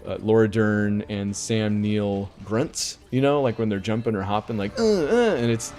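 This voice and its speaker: A man's voice: fairly low pitch, steady tone, moderate pace, a little mellow, soft background music. A man hosting a casual video game podcast, rambling and often correcting himself as he talks. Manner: rambling, self-correcting, conversational. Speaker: podcast host reviewing video games. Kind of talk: casual chat.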